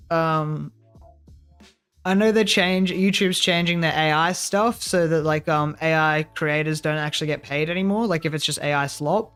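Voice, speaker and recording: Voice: mid-range voice, fairly bright tone. A livestreamer chatting casually with viewers, joking, laughing often and swearing, and muttering to themself while fiddling with things. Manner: talks to self while working, trailing off mid-sentence.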